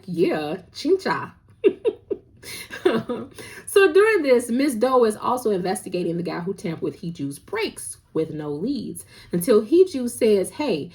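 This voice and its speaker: A woman hosting a casual drama recap, talking in a playful, gossipy, slangy way and acting out the characters' lines. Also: medium pitch.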